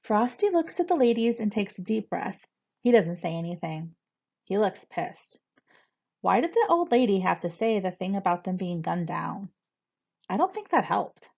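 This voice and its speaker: A woman reading a novel aloud in a plain, even way. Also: medium pitch, moderate pace, creaky, breathy edge. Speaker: reader. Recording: dull lo-fi recording.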